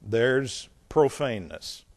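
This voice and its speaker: A man's voice: medium pitch, lively intonation, takes it slowly, vocal fry. A man preaching a sermon. He reads scripture aloud with emphasis and drops into blunt, scornful, plain-spoken asides. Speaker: pastor.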